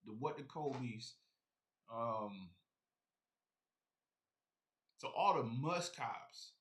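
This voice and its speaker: A man's voice: medium pitch, animated, drawn-out words, a bit bright, slight background noise. A man chatting casually on a live stream about his sneaker collection, rambling and talking straight to his viewers.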